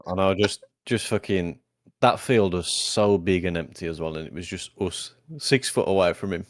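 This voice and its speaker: A man's voice: low voice, fairly even intonation, dry recording, studio quality. A young English man, a podcast co-host, chatting casually and recalling shared stories with swearing. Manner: laid-back, swearing, quick to laugh. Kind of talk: casual chat.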